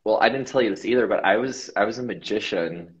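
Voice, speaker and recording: A man from the United States, a guest in an interview, telling a personal story in a reflective, halting way with many fillers. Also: on the low side. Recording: dull lo-fi sound.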